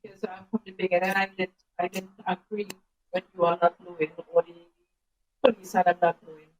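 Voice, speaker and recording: A woman, the victim's mother, answering quietly and hesitantly. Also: on the low side, little pitch movement, fairly quick, highs cut off.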